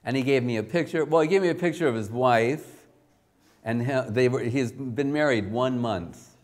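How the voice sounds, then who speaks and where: A man giving a spiritual talk, telling a personal story in a slow, rambling, self-deprecating way. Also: mid-range voice. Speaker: spiritual teacher.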